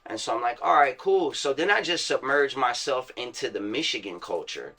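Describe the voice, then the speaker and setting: A man's voice: medium pitch, very animated, brisk, sharp tone. A man from the American South, a rapper telling his story as an interview guest in casual, profane street slang, acting out other people's words. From Virginia and Florida, USA.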